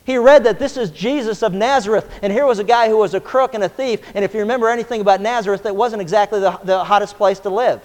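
A man with a high, bright voice preaches with passion, rising and falling as he drives each point home. His words ring out with a long reverb, as if he is filling a large hall. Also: fast, hardly any pauses. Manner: impassioned preaching, acting out voices of the thieves. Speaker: pastor. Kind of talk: sermon.

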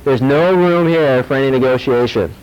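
A man playing a young captive who calmly and firmly refuses a king. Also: medium pitch, moderate pace, smooth, dull audio, natural voice. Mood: defiant. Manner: calm, firm, matter-of-fact. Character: defiant young Hebrew captive, male.

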